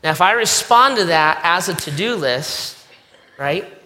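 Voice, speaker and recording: A man's voice: high voice, expressive, unhurried, bright, forceful tone, big-room sound. A middle-aged man preaching a conversational sermon, repeating key lines and acting out quoted voices. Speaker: pastor.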